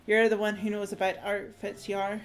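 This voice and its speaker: Friendly game hotel manager woman, read by a streamer, light Irish lilt, mid-pitched voice, faint music behind. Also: level tone, brisk, close to an everyday voice. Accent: light put-on Irish. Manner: reading game dialogue aloud.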